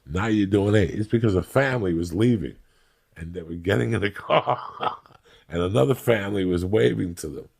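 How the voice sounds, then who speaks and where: Man, deep voice, raspy and gravelly, profane comic storyteller, podcast chat. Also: normal speed, a little mellow. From Cuban-American. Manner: brash, swearing, acts out the people in his stories. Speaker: comedian and podcast guest.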